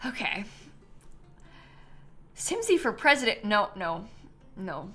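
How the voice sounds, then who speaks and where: Chatty young woman streamer, bright voice. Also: mid-range voice, very animated, slow pace, faint music behind. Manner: chatty, laughs often, many ums and likes. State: tired, yawning. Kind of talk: casual live-stream gameplay chat.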